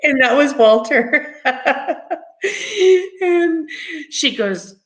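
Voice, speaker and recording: A grown woman telling her own story as an interview guest, chatty and halting with many ums and laughs along the way. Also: high-pitched, expressive, a bit bright, rough recording. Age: adult.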